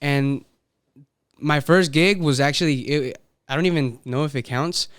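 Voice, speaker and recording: A man speaking as a musician guest in a casual podcast chat, his voice very crisp and close-miked with no room sound. He talks haltingly, restarting his words and drifting between English and Spanish. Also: on the high side, no echo.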